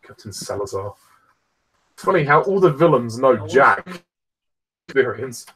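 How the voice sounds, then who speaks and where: A man's voice: mid-range voice, big pitch swings, measured pace, a bit bright, husky, low-quality recording. A man giving easygoing film commentary, often hesitating and using fillers.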